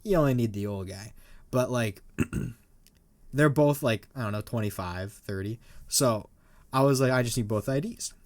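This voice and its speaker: A young man co-hosting a podcast, telling a store customer story in excitable casual chat, laughing often. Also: medium pitch, moderate pace. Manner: excitable, laughing, full of "like" fillers. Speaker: podcast co-host.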